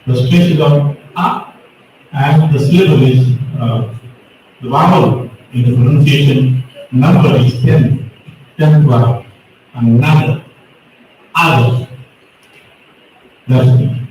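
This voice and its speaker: Recorded from afar in an echoey school hall, a man judges a speech competition, fixing students' pronunciation and walking slowly through the rules. His mid-range voice is mellow, with a little hiss or hum in the audio.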